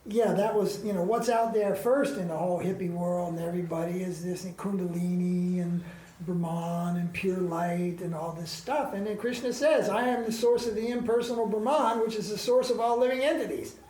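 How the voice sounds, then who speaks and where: A man's voice: high-pitched, fairly even intonation, moderate pace, dark tone. A man teaching a spiritual class in an ashram, talking casually and emphatically and asking rhetorical questions. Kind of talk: informal spiritual class talk. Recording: roomy echo.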